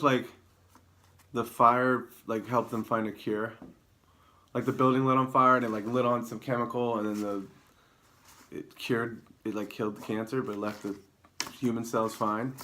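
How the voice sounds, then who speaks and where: A man hosting his own comedy show alone on camera, rambling through news headlines with deadpan, self-mocking asides. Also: mid-range voice, noisy background. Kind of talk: improvised comedic news rundown. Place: alone in a room, talking to camera.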